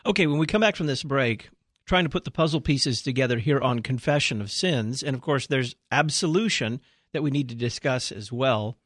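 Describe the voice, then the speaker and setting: A man hosting a radio talk show, asking guests questions and leading into a break in a measured way. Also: medium pitch, animated, fairly bright tone, no echo, clean studio sound.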